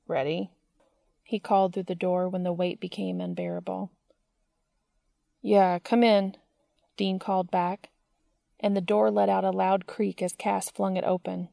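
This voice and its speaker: A woman reading fiction aloud with a slow, even storytelling delivery. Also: lowish voice, creaky, no room sound, studio quality. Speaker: narrator.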